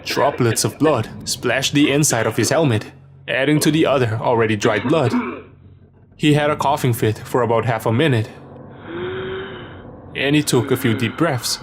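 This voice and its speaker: A man narrating a first-person horror story in a steady, measured way, in a scripted storytelling style. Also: medium pitch, background noise.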